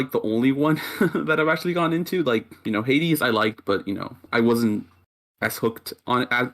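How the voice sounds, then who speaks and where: A man appearing as a podcast guest, talking in a laid-back way with frequent "you know" fillers. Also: medium pitch. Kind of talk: casual chat.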